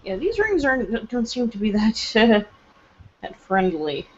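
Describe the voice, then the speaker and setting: A woman's voice: a little high, big pitch swings, unhurried, breathy edge. Nervous, swearing woman player. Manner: nervous, swearing, laughing often. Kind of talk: casual tabletop game play. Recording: dull lo-fi recording.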